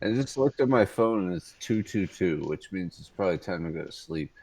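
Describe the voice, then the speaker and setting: A man's voice: sits low, expressive, a little fast, a little mellow, husky, dry recording. A man teasing his friends on a voice call, laughing through casual banter. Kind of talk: casual chat.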